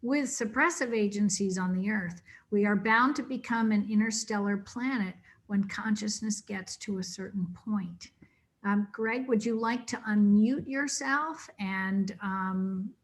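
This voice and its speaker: A woman's voice: mid-range voice, unhurried. Encouraging woman moderating a call. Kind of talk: hosting a video call Q&A.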